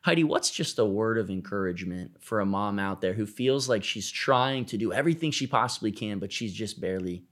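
A young adult man hosting an interview, speaking earnestly and quickly. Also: on the low side, lively intonation, a bit bright. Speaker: host. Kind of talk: interview conversation.

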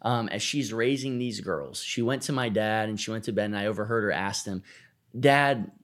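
A young adult man hosting an interview, speaking earnestly and quickly. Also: on the low side. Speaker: host. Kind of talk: interview conversation.

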